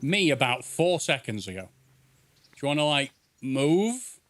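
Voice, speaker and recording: A man's voice: fairly high pitch, big pitch swings, a little slow, fairly bright tone, no room sound, soft background music. A man streaming a video game, chatting casually, joking and swearing as he calls out to the characters. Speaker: gaming streamer. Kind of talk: casual let's-play commentary.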